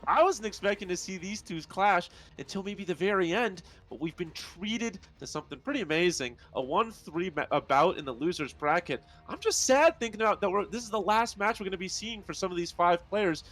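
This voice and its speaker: A man's voice: high voice, animated, fairly quick, few pauses, a bit bright. American male esports color caster. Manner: analytical, thinks aloud with restarts. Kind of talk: live esports commentary.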